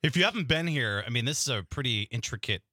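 Chatty male radio guest, bright and lively. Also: medium pitch, fast, no room sound, studio quality. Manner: friendly and chatty. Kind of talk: casual radio interview. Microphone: studio microphone.

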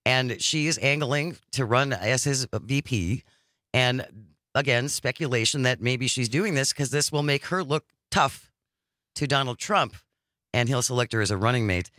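A man's voice: medium pitch, moderate pace, pushed and bright, no echo. A man hosting a radio talk show in casual banter, reading news items aloud on a studio mic.

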